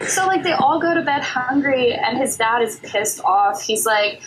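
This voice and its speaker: A young woman co-hosting a podcast, retelling a film in a casual, giggly way full of "like" and quick asides. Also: sits high, a bit bright, a little hiss or hum, rough recording. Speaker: podcast co-host. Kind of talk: casual chat recapping a film.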